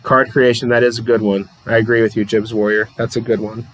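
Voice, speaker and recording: A man's voice: medium pitch, little pitch movement, a little fast, a bit bright, slight background noise, low-quality recording. Guy streaming a wrestling card game, chuckles a lot, mid-range voice, chats with viewers. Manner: chatty, laughs often, self-deprecating. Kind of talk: casual livestream play-by-play and chat reading.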